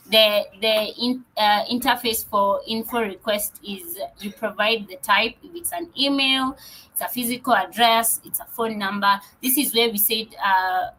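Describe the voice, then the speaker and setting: A woman's voice: mid-range voice, sharp tone, a little hiss or hum, rough recording. A woman developer relations presenter walking through code in a live coding session, explaining steps with frequent fillers and restarts.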